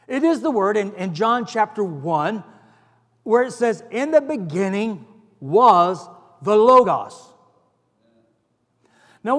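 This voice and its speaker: A man preaching a sermon as pastor, earnest and building to emphatic stress on key phrases. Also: high voice. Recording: long hall reverb.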